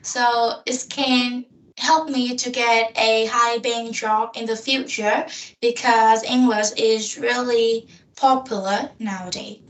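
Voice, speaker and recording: A woman answers practice questions in slow, hesitant English with a slightly high voice. She sounds distant from the microphone in an echoey room. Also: steady tone. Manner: hesitant, halting learner English with pauses. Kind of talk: English speaking practice conversation. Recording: echoey room, voice far from mic.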